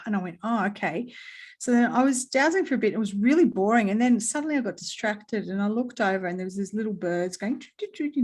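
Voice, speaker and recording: Australian woman, casual storyteller, lively pitch, swears and laughs freely. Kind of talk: casual spiritual conversation.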